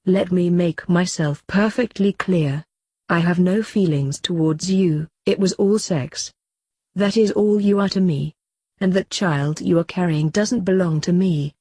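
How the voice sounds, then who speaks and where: A harsh, dismissive thousand-year-old vampire man in a storybook, as a woman reads him in her own low voice. He talks coldly and flatly. The sound is close and dry. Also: a little slow, no echo. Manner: cold and dismissive. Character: cold, harsh ancient male vampire.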